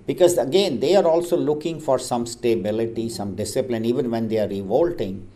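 A man leading a group discussion, telling stories and quotes in a calm, measured, teacherly way. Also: medium pitch. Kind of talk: reflective group talk.

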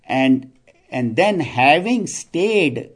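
A man's voice: fairly high pitch, big pitch swings, drawn-out words. A man, giving a scripture talk with jokes, chuckling and restarting as he tells stories. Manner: storytelling, chuckling, many restarts. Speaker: spiritual teacher.

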